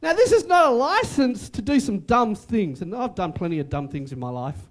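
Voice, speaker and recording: A man's voice: high voice, very animated, moderate pace. A man preaching a sermon as pastor, emphatic and repetitive, with joking asides.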